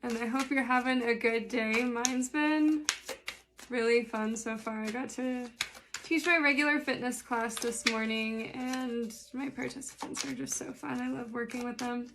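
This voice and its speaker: Young woman, tarot-reading life coach, bright higher voice, chatty and dryly sarcastic. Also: steady tone, a little slow, background noise. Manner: chatty, dry sarcastic humor. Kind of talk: casual tarot reading vlog.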